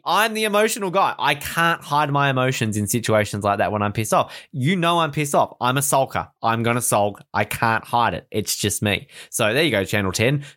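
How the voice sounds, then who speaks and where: A man co-hosting a podcast in casual chat, expressive and playful, swooping his voice up for jokes. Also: on the low side. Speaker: podcast co-host.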